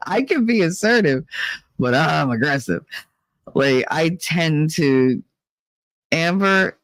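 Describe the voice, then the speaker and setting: A man's voice: a little high, fairly bright tone, no room sound. A man hosting a casual livestream, talking bluntly and with frequent swearing as he reads the chat. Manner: blunt, profane, emotionally candid. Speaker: livestream host reading chat.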